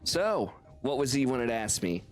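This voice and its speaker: A man's voice: medium pitch, sing-song, normal speed, soft background music, voice pushed down, close to an everyday voice. A man voicing a smug, showy male city entertainer from a video game, reading his lines in a snooty, theatrical manner. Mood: grandiose.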